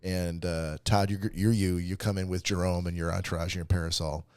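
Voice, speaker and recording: Low-voiced teasing male podcast co-host. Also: level tone, a little fast, a little mellow, clear, resonant tone, no echo. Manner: teasing, sets up bits. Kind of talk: casual comedic banter.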